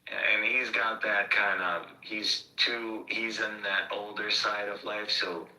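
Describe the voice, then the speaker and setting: A man's voice: on the low side, flat delivery, takes it slowly, sharp tone, reverberant, low-quality recording. An American man from California talking in a rambling, profane way, with lots of fillers, in a casual heated chat. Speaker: participant in a live voice chat.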